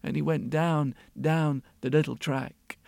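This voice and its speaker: A man telling a folk tale in a lively, expressive way, often repeating phrases. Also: on the high side, unhurried, creaky. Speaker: storyteller. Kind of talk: oral storytelling. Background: soft guitar.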